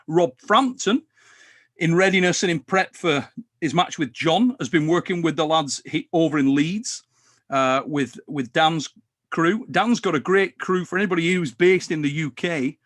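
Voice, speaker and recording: Lively teasing man host. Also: on the high side, normal speed. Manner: animated, swears, teasing banter. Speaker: podcast host. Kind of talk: casual chat.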